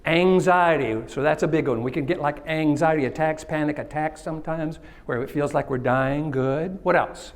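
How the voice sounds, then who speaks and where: A man's voice: on the high side, normal speed, hardly any pauses. A man from Texas giving an interactive conference keynote, joking with the audience and asking them questions. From Kilgore, Texas. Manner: engages the audience, jokes and asks questions. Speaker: keynote speaker. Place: conference stage.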